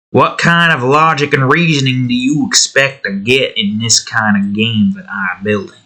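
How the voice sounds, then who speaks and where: A bright, clear-toned man in a mid-range pitch, talking to himself as he works on a hobby game. He rambles and swears, addresses the objects on his screen as if they could hear, and slips into a joking redneck drawl. The delivery is loose, unscripted commentary. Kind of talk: casual commentary while building a game.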